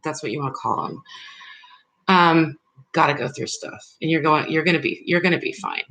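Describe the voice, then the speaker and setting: A woman's voice: sits low, normal speed, vocal fry, fairly bright tone, poor audio. A woman giving live tarot readings, speaking directly and reassuringly to her viewers in a loose, rambling way. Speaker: tarot reader.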